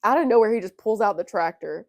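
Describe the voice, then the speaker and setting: A woman's voice: mid-range voice, fast talker, no echo, clean studio sound. A young woman co-hosting a podcast, telling a story in casual chat, cursing freely and acting out what others said. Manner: profane, animated storyteller acting out quotes. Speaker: podcast co-host.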